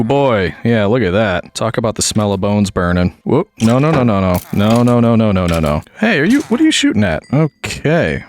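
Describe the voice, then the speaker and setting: Wry low-voiced man narrating gameplay. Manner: chatty, coaxing the game characters like pets; wry, self-mocking asides. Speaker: gaming video creator. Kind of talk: casual gameplay commentary.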